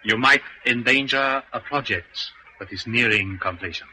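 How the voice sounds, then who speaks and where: An actor playing a cold, scheming male criminal mastermind in a vintage radio drama, speaking in a formal, measured, menacing way. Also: mid-range voice, pushed and bright, a little hiss or hum, poor audio.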